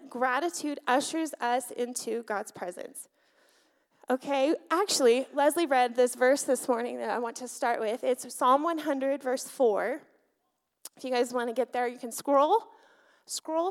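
Lively woman preaching in a church. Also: sits high, a little slow. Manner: animated, asks the congregation questions. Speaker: pastor. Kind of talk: sermon. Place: church sanctuary. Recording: church hall reverb.

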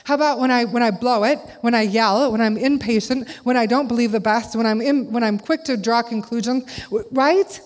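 A middle-aged woman delivers a sermon in a chatty, animated way, throwing rhetorical questions at her listeners. Her voice sits slightly high. The sound carries a long reverb, as if she is in a large hall. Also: brisk, few pauses. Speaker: speaker at a church gathering.

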